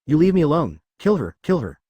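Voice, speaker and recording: A man's voice: fairly high pitch, very animated, a little fast, warm tone, husky, dry recording. Man reading a desperate pleading young girl.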